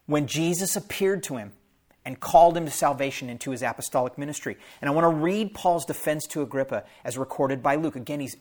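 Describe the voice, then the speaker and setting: A man, a pastor, preaching a sermon and reading scripture aloud, stopping often for plain explanatory asides to his listeners. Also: on the high side.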